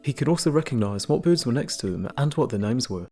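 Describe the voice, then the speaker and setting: A man reading a scripted educational narration in a measured, informative manner. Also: mid-range voice, animated, darkish tone. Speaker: narrator of a nature video. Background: faint background music.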